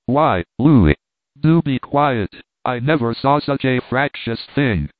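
A man's voice: medium pitch, animated, takes it slowly, dry recording. A man putting on a bossy scolding old aunt. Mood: chiding. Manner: chiding, loud, commanding. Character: scolding fussy older aunt, motherly and bossy. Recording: tinny phone-like line, dry.

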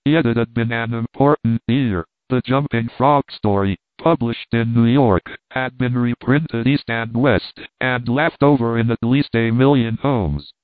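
A man reading old letters and commentary aloud in a steady, measured way. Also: mid-range voice, no echo. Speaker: reader. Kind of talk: scripted narration of old letters. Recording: dry, tinny phone-like sound.

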